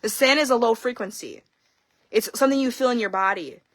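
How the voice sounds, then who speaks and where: A woman's voice: on the high side, a little fast, a bit bright, no room sound. A young woman vlogging in a casual confessional monologue, candid and blunt, swearing freely and telling her story with animation.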